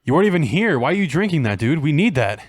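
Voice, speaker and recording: A man's voice: a little high, very animated, quick pace, no echo. A young man playing a tabletop game, talking bluntly and swearing casually among friends. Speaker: player. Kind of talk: casual chat while gaming.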